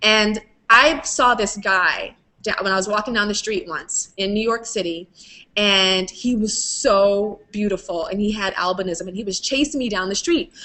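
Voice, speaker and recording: A woman's voice: medium pitch, normal speed, bright, forceful tone. A woman hosting a playful, casual video chat with fans, laughing often. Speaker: host. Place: video call. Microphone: video call.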